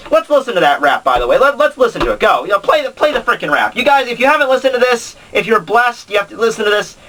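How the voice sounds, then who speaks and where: A man hosts a casual anime commentary, ranting in an exasperated and sarcastic way. He talks a little high, with a bright, tense edge and plenty of fillers. He sounds a little distant from the mic. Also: big pitch swings, fast.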